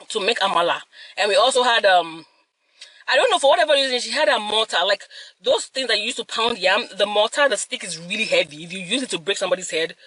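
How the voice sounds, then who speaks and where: Animated young woman telling a story. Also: fairly high pitch, dry recording, rough recording. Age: young adult. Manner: animated, laughing, mixes in Yoruba phrases. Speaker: mukbang host. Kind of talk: casual storytelling while eating.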